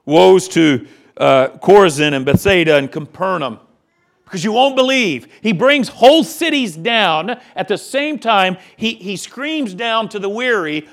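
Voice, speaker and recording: Impassioned high-voiced male preacher. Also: animated, measured pace, vocal fry. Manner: impassioned preaching, rising and falling delivery. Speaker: pastor. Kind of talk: sermon.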